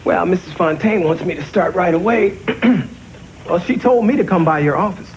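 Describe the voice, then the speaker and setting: A man's voice: sits high, moderate pace, slight background noise, natural voice, poor audio. An actor playing an eager, folksy male TV repairman in a sitcom. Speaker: TV repairman turned writer. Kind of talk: sitcom acting.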